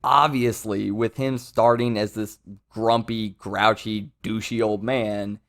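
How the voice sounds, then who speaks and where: A man's voice: fairly low pitch, little pitch movement, takes it slowly, a bit bright. A man giving casual commentary as a manga reviewer, rambling with self-interruptions and amused asides.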